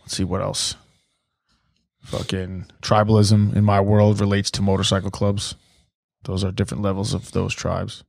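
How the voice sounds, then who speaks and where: A man's voice: lowish voice, monotone, moderate pace, vocal fry, darkish tone, no echo, clean studio sound. A man co-hosting a casual podcast, giving short laid-back agreeing replies and reading out chat messages. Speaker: podcast co-host.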